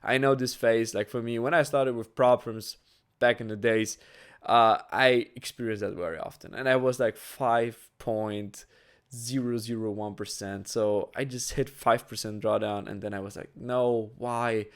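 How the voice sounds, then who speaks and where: A man's voice: mid-range voice, fairly even intonation, moderate pace, clean tone. Casual trader guy, lots of "right?". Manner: conversational, frequent "right?" tags and fillers. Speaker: trading educator. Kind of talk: casual explanatory talk to camera.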